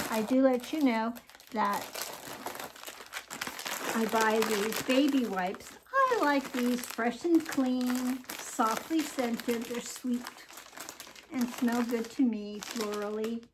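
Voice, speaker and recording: A woman's voice: fairly high pitch, background noise. An older woman chatting to viewers as she shows off her grocery haul, rambling and cheerful. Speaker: vlogger showing a grocery haul. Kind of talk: casual chatty haul vlog.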